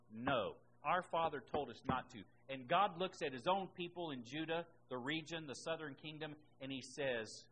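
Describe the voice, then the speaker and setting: A man teaching a Bible lesson, reading scripture slowly and emphatically, then explaining it in a conversational way. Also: a little high, fairly bright tone, slight background noise, rough recording.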